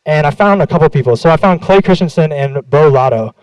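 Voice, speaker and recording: A man's voice: a little high, expressive, fairly quick, a little mellow, low-quality recording. A young man giving a casual, candid conference talk, swearing freely and acting out his own anecdotes. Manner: candid, profane, self-deprecating, acts out quoted exchanges. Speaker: conference speaker. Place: conference stage.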